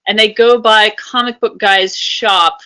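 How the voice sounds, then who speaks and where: A woman's voice: mid-range voice, steady tone, unhurried, sharp tone, smooth, low-quality recording. A woman, a former animator, sharing memories upbeat as a podcast guest. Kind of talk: casual interview conversation.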